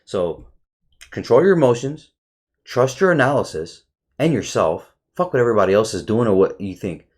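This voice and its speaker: A man giving a casual, excitable chart review for viewers, swearing often and calling them bro. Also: mid-range voice, moderate pace. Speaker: trading educator.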